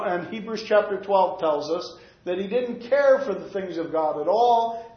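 A man with a high voice teaches from the Bible in an earnest, explanatory sermon. He slows down to stress key words. The sound is roomy and a little muffled. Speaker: preacher.

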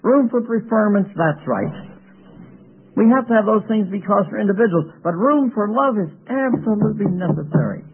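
A man's voice: sits high, lively intonation, normal speed, husky. An older man preaching a sermon, telling folksy, joking stories from his own life. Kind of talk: sermon with personal anecdotes. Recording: tinny lo-fi radio broadcast.

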